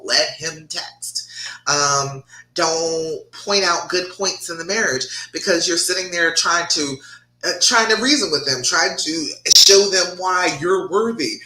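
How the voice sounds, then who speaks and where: Sassy lady coach talking straight, really bright voice, roomy echo. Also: lowish voice. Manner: blunt, frank, sassy. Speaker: love coach. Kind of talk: livestream advice talk, reading viewer comments. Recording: echoey room.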